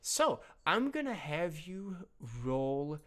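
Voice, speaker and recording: A man's voice: on the high side, big pitch swings, slow pace, fairly bright tone. Man game master, improvised comedic tabletop narration, loose and rambling. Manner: loose, rambling, many fillers.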